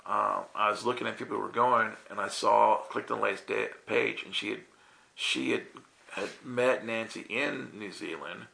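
A man's voice: fairly low pitch, gravelly, pushed and bright, rough recording. A man telling a casual personal testimony as a guest minister, chatty and self-interrupting, often checking in with "right?".

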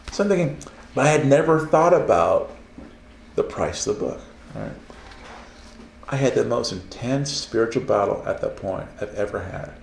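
A man's voice: medium pitch, vocal fry, a little mellow. Guy telling a story and laughing, acts out the voices, echoey room with a bit of hiss. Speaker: self-published Christian author. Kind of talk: casual storytelling conversation. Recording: roomy echo, faint background noise.

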